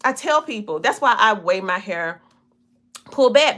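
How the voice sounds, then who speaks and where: Bright-voiced Southern woman in her forties. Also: mid-range voice, lively intonation. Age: 40s. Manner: drawn-out, looping country twang with laughs. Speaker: podcast host and coach. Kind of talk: casual livestream talk to viewers.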